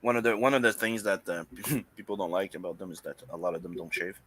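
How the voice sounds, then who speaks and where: A man from French Canada co-hosting a podcast, talking in animated, casual banter that swears often and stumbles over restarts. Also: deep voice, quick pace. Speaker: podcast co-host.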